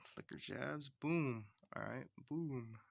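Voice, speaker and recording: A man chats casually on a livestream while he draws. He rambles and talks to himself. His voice sits at an ordinary middle pitch. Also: slow pace, vocal fry, a little hiss or hum. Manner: rambling, chatty self-talk. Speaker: streamer.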